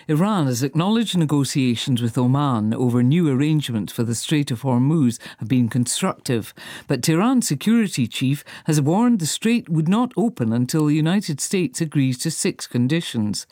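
A man reading a radio news bulletin in a formal, crisp delivery. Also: on the high side, expressive, moderate pace, mellow, no echo, clean studio sound. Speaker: newsreader.

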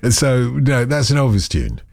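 A man's voice: mid-range voice, very animated, moderate pace, vocal fry, a little mellow, dry recording, studio quality. A man hosting a radio phone-in, chatty and self-deprecating, drifting off on tangents. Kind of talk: casual radio phone-in chat.

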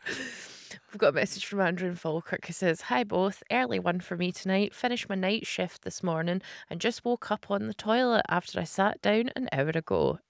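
Woman radio host, chatty and teasing, fry in the voice, dry close studio sound. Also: mid-range voice, no room sound. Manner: chatty, laughs often, teasing. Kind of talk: casual radio banter, reading listener messages. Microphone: studio microphone.

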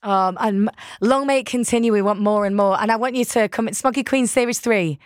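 Radio host, woman: bright fan-like enthusiasm, dry studio mic. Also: mid-range voice, a little fast, dry recording. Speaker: radio presenter. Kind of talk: radio interview.

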